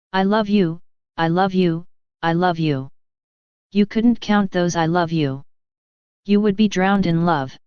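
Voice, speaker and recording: A woman reads devotional text in a measured, even recitation. Her voice sits a little low and is very smooth and resonant. The recording is dry and slightly dull, with a lo-fi edge. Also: no echo. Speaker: reader. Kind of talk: devotional reading.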